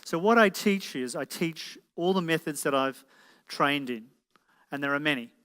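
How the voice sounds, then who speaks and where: A slightly high male voice at normal speed, with a fairly bright tone, belongs to a motivational speaker. He presents live to an audience in an event hall, peppering them with rhetorical questions; the hall's reverb is audible.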